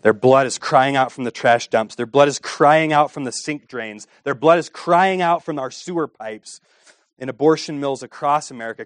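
A man preaching a sermon with impassioned delivery, asking rhetorical questions and swinging between hushed and raised passages. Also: a little high, moderate pace, no echo. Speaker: pastor.

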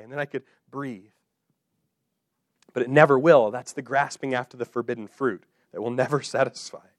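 A man's voice: on the low side, no room sound, clean studio sound. A man preaching an expository sermon, repeating phrases in rhythmic runs that build up and then settle.

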